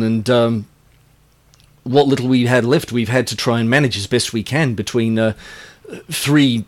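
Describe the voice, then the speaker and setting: A weary, apologetic female base commander, as a man voices her in a tabletop game. She speaks formally and with measured care, in the performer's own plain voice. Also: mid-range voice, close to an everyday voice.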